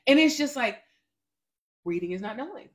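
A woman co-hosting a casual faith podcast, talking in an animated, testifying way with quick interjections. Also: fairly high pitch. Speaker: podcast co-host.

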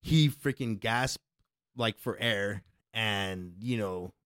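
A man telling a long story in casual, profane chat, acting out other people's lines in loud bursts. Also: fairly low pitch, slow, clear, resonant tone, no room sound, studio quality. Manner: profane, animated, acts out quotes loudly.

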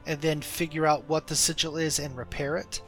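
A man running a tabletop game as game master, narrating in a relaxed, loose way with many fillers. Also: fairly high pitch, a little fast, soft background music.

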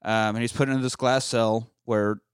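A man's voice: mid-range voice, steady tone, normal speed, clean tone, no echo, clean studio sound. A man casually recapping a movie with a friend, rambling and swearing freely, breaking into quoted lines. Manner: rambling, profane, quotes lines in silly voices. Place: lives in Austin.

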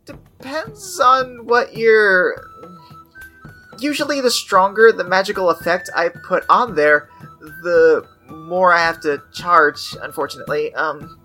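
A woman's voice: lowish voice, slow, sharp tone, soft background music. A woman voicing a polite female dwarf artificer who runs a shop and tries to keep the peace. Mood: helpful. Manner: polite, accommodating.

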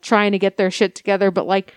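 A woman's voice: mid-range voice, little pitch movement, quick pace, smooth, no echo. A woman from the United States co-hosting a casual podcast, laughing often and bantering crudely with many fillers. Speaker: podcast co-host.

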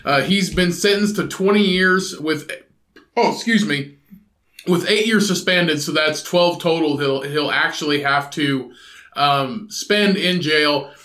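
High bright-voiced guy cohosting a podcast, swears a lot, rambly, echoey room. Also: unhurried. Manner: profane, rambling, acts out bits in put-on voices. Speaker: podcast co-host. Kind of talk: crude casual chat.

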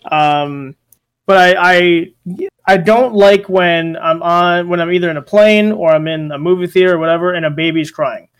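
A man's voice: high voice, normal speed, clean tone. A young man hosting a casual podcast chat, rambling with lots of fillers and restarts. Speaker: podcast host.

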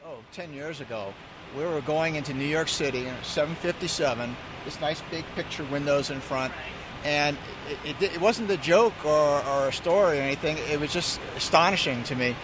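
A male airline pilot tells a story in a relaxed, amused way, stumbling over a word now and then. His voice sits high for a man. Steady outdoor vehicle noise runs clearly behind him. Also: normal speed. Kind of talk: casual anecdote telling.

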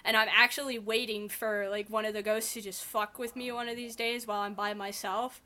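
A woman's voice: medium pitch, little pitch movement, brisk, pushed and bright. A woman who is a guest on a podcast, chatting bluntly and casually, laughing and swearing at times. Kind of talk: casual chat.

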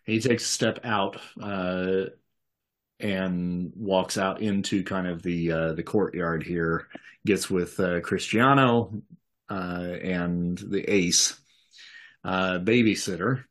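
A man's voice: low-pitched, fairly even intonation, takes it slowly, a bit bright. A man narrating as game master of a tabletop game, casual with many fillers.

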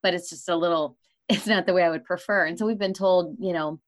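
A woman's voice: on the low side, steady tone, a little fast. A woman hosting a podcast, talking frankly and conversationally and often laughing mid-sentence. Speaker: podcast host. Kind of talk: casual interview talk.

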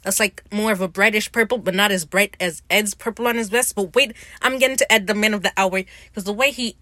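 Podcast host, woman, mid-pitched voice, slangy and profane episode recap, dry close sound. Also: brisk, pushed and bright, no echo. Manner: slangy, profane, retells scenes by acting out lines.

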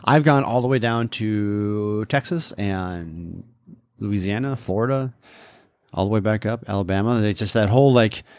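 A man's voice: fairly low pitch, moderate pace, darkish tone, dry recording. Man, thirties, from the upper Midwest, rambling casual chat, dry close sound. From upper Midwest, USA. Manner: rambling, self-interrupting storyteller. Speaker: podcast co-host.

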